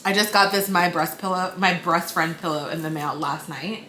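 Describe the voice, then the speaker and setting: Chatty young mom vlogging, low voice. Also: female voice, moderate pace, pushed and bright. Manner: chatty and bubbly, cooing to her baby. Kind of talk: casual vlog chat. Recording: noisy background.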